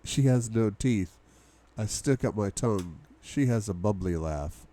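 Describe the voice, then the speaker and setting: A man's voice: lowish voice, lively intonation, a little slow, mellow. A young man reading a novel aloud for a book club, with asides to his viewers. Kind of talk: audiobook-style reading.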